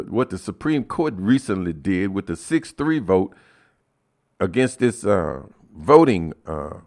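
Man, radio talk host, deep voice, halting, repeats himself, punches key words. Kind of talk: community radio talk, addressing listeners.

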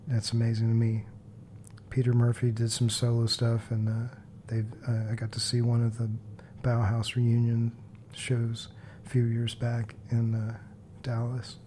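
A man working as a radio DJ, chatting casually in a relaxed, rambling way with lots of fillers, from a studio microphone. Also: mid-range voice, unhurried, a little hiss or hum.

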